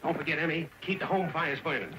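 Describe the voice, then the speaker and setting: An actor playing a brash, scheming inventor husband in a 1930s film comedy, wheedling and pushy. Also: male voice, a little high, fast talker, close to an everyday voice. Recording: scratchy 1930s film soundtrack with music.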